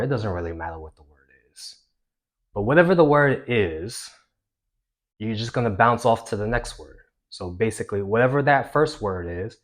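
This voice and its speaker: A man coaching viewers on social confidence, talking with energy and swinging between a loud voice and a hushed one. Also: medium pitch. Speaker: self-improvement coach. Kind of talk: instructional talk to camera.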